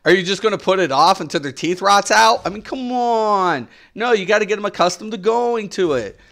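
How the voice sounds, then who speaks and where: An exasperated middle-aged man rants on a game stream, hammering his points home by repeating them. He swears freely and talks straight at his viewers. His voice sits a little on the high side. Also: animated, fairly quick, creaky, fairly bright tone. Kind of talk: ranting stream commentary.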